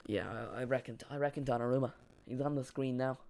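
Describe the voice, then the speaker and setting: A man's voice: mid-range voice, steady tone, quick pace, darkish tone. A man hosting a live football watch-along, rambling and joking with his chat while calling the play.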